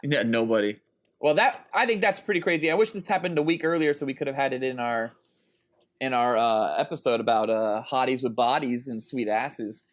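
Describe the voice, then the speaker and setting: A man's voice: medium pitch, a little fast. A man in his thirties co-hosting a casual podcast, telling a long story in a rambling way with lots of ums and uhs. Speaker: podcast co-host.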